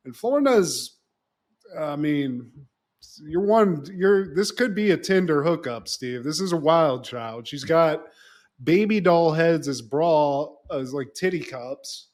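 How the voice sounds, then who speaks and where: A man co-hosting a podcast, retelling a movie in casual, animated, profane storytelling. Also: a little high, takes it slowly. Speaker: podcast co-host.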